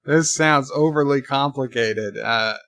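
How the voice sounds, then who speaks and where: A man's voice: mid-range voice, measured pace, fairly bright tone, dry recording. A man giving live, off-the-cuff commentary while watching a TV episode, thinking aloud and describing what happens on screen. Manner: thinking aloud, describing scenes as they play. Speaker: channel host and commentator.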